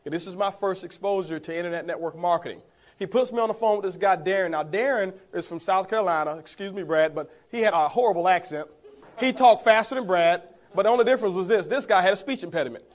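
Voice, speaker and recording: Guy with a high voice doing a quick motivational story talk, keeps saying guys. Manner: storytelling, addresses the audience as guys, chuckles often. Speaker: network marketing speaker.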